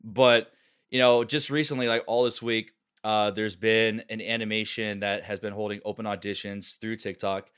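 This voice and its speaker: A man's voice: fairly low pitch, moderate pace, clean tone. A man, a voice actor, telling stories in a casual call chat, laughing often and slipping into character voices. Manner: animated, laughing storyteller who drops into character voices. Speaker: voice actor and co-host. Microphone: home call microphone.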